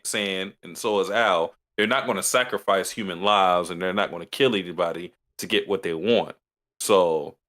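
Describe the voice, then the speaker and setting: Bright-voiced man recapping an anime. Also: on the low side. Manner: halting, restarts mid-sentence. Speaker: podcast co-host. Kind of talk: casual chat, recapping an anime episode.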